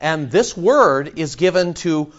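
Man, preacher, high voice, emphatic sermon, rhetorical questions, dull lo-fi recording. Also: expressive, slow pace. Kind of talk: expository sermon.

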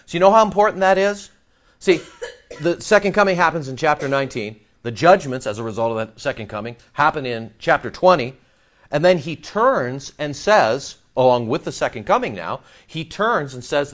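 A man preaching a sermon. He reads scripture aloud, explains it and jokes, swinging from low asides to excited outbursts. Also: moderate pace. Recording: dull lo-fi recording.

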